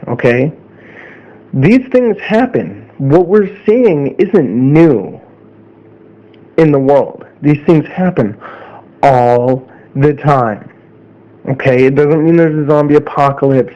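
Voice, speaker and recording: A man talks straight to his audience in a casual opinion monologue, earnest and mid-pitched, tagging his points with a questioning "okay?". The sound is slightly dull and lo-fi. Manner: earnest, repeats "okay?" often. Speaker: vlogger.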